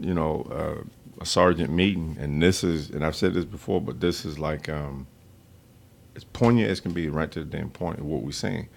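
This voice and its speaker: A podcast host in his 50s tells stories bluntly and profanely in casual podcast chat. His voice is low and gravelly.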